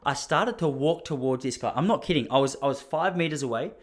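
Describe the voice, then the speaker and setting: A man's voice: mid-range voice, fairly quick. An Australian man hosting a podcast, telling a story in a casual, ranting way with mock outrage. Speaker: podcast host.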